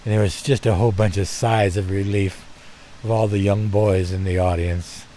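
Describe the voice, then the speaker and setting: An older man telling personal stories in a gentle, heartfelt way, speaking to his listeners as dear friends. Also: on the low side, fairly even intonation, normal speed, slight background noise. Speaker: storyteller. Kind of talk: personal storytelling.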